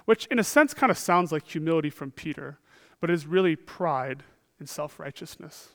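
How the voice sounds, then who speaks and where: A man's voice: on the high side, expressive, normal speed. Earnest man preaching a sermon. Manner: earnest, frequent rhetorical "right?", shifts between emphatic and hushed.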